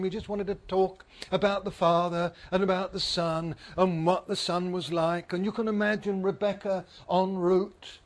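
A man preaching a sermon. He is earnest, repeats phrases for emphasis and asks his listeners questions. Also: high voice.

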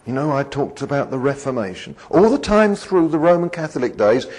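A man's voice: medium pitch, darkish tone, breathy edge. A man preaching a sermon in a conversational, digressive way, often putting questions to the congregation.

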